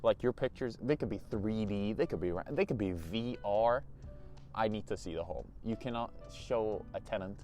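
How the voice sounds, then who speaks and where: A man's voice: fairly low pitch, a little fast, soft background music. Chatty teen boy telling a story. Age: teens. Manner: animated, chatty, exasperated asides. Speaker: youtuber. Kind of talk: casual storytime vlog.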